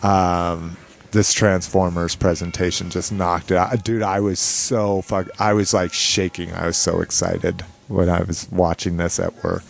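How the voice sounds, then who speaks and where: A man hosting a podcast in casual chat, excited and joking, swearing freely. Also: deep voice, a little slow, vocal fry. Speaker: podcast host.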